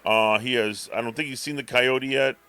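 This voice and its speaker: Bright-voiced man telling rambling stories. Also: mid-range voice, steady tone, normal speed, clean tone. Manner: rambling storyteller, acts out the cat's thoughts. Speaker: podcast co-host. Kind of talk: casual chat.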